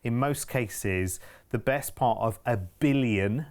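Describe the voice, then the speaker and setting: A British man hosting a travel deals show, talking in a chatty, emphatic and upbeat way. His voice sits at an ordinary middle pitch for a man. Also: takes it slowly. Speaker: TV shopping channel presenter. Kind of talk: enthusiastic sales chat.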